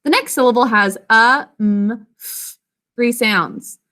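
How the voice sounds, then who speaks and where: A woman's voice: fairly high pitch, slow pace, pushed and bright. A woman teaching a spelling and phonics lesson, sounding out words carefully and praising her pupils often.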